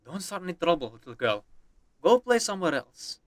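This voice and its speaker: A man voicing a lazy, dismissive male guard who talks gruffly. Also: high-pitched, very animated, a little fast, no echo, voice pushed up.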